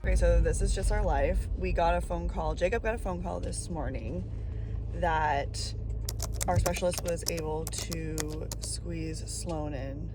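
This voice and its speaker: A woman's voice: fairly low pitch, unhurried, over music. A young adult woman, a new mother, chatting casually in a family vlog.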